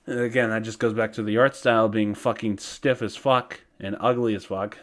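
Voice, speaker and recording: A man's voice: lowish voice, fairly even intonation, normal speed. A man giving a casual ranting review, profane and exasperated, often breaking into laughter. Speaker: video reviewer.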